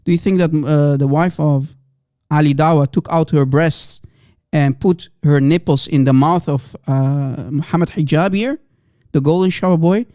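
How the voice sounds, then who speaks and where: A fairly high-voiced man hosts a live reaction stream, laughing and egging on his viewers. His sound is close and dry, with no room around it. He keeps up a mocking, excitable patter. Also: moderate pace, dry recording. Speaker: livestream host.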